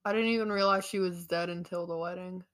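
A young woman in casual chat, retelling a novel's plot in an animated way with lots of "like.". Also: on the low side, fast. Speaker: book discussion co-host.

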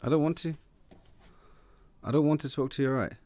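A man's voice: a little high, steady tone, brisk, dark tone, dry recording. Dry-sounding man bantering on a podcast. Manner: teasing, banters with co-host. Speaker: podcast co-host. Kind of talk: casual chat.

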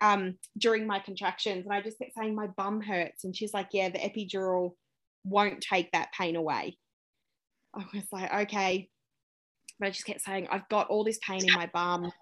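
A young Australian woman, a podcast guest, candidly retelling a personal story, acting out what people said and laughing as she goes. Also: mid-range voice. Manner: candid, animated retelling with acted-out quotes and laughter.

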